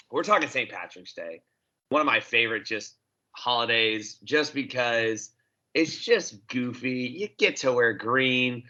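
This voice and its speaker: Man, podcast co-host, casual chat, joking, very bright voice, muffled lo-fi sound. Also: medium pitch. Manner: upbeat, jokey, laughs often. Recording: dull lo-fi recording.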